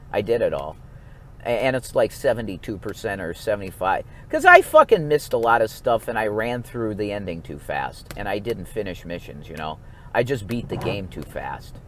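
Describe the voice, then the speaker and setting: A man vlogging in a rambling, profane monologue, swinging between low mumbles and sudden outbursts. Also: slight background noise.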